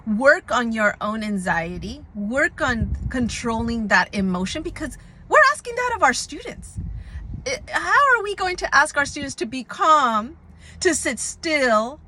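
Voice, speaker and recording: A middle-aged woman teacher talks through classroom tips in a casual, animated way and keeps tagging her points with "right?". Her voice sits high and bright, and its pitch swings widely. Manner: animated, repeats "right?" often. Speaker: substitute teacher. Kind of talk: casual teaching advice monologue.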